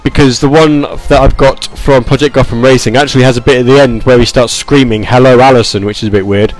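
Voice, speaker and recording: A man's voice: mid-range voice, fairly even intonation, fast, low-quality recording. A man hosting a gaming and music stream, chatting casually and rambling with fillers and asides. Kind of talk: casual chat.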